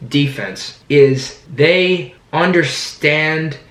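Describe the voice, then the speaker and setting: A man with a hoarse voice, hosting his own channel and rambling excitedly about his team. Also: fairly high pitch, drawn-out words, reverberant. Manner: rambling, excited, restarts sentences often. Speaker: sports fan channel host. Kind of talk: casual sports vlog commentary. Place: indoor room, sitting down.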